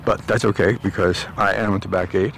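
A man's voice: on the low side, steady tone, fairly bright tone, slight background noise. A man rambling aloud in a meandering walk-and-talk monologue, outdoors on his way home through a park. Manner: meandering, musing aloud with pauses and restarts. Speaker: vlogger.

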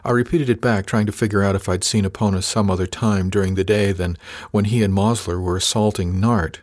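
A man reading a first-person novel aloud as an audiobook narrator, measured and lightly voicing the characters. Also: lowish voice, fairly even intonation, darkish tone, no room sound, studio quality.

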